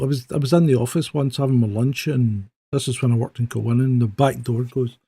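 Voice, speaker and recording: A man's voice: mid-range voice, breathy edge. A man with a Scottish accent, a former police officer, chatting casually on a podcast and animatedly telling a story. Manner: animated storyteller, acts out dialogue. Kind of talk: casual chat, anecdote telling.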